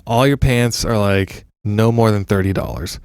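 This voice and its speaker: Male podcast co-host, low-ish voice, lively joking delivery, dry close mic. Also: moderate pace, clear, resonant tone, no echo. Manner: animated storyteller, bursts into high excited impressions. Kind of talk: casual chat.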